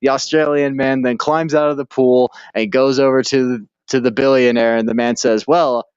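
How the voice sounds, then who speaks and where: A man's voice: mid-range voice, fairly even intonation, moderate pace, a little mellow, clear, resonant tone, no room sound. Laid-back man on a dull, dry mic. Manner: laid-back, laughs often, rambling storyteller. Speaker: podcast co-host. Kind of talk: casual chat.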